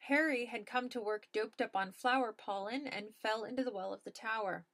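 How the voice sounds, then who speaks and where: A woman's voice: fairly high pitch, fairly quick, a bit bright. A woman reading a comic storybook aloud as narrator, with a dry, matter-of-fact delivery.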